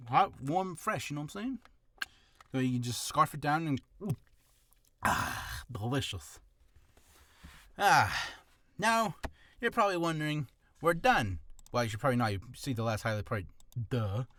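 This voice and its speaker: A Canadian voice actor vlogs casually about reading practice, chatting, rambling and mocking himself. His slightly high, fairly bright voice is very animated at normal speed with long pauses, and there's no room sound.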